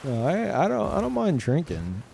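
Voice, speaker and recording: A man's voice: a little high, wildly swooping pitch, normal speed, vocal fry, dark tone, slightly rough. Rambling, profane male streamer. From Louisiana, US. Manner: rambling, profane, many restarts. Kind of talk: casual live-stream chat.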